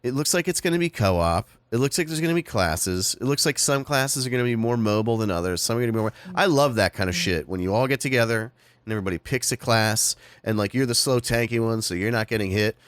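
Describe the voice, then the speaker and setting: A man's voice: medium pitch, fast talker, no room sound. A man co-hosting a casual podcast chat, hesitant and swearing freely. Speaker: podcast co-host.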